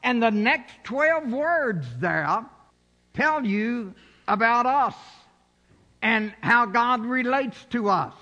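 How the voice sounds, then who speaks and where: A man's voice: very high voice, lively intonation, slow pace, sharp tone. A man preaching a sermon in a church, building to emphatic, rising exhortations. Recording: dull sound in a reverberant hall.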